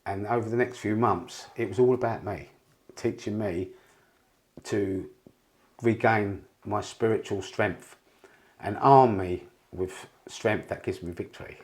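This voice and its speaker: A man's voice: fairly low pitch, unhurried, a little mellow. A man, a podcast guest, telling rambling, candid stories with frequent swearing and restarts. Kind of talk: candid storytelling interview.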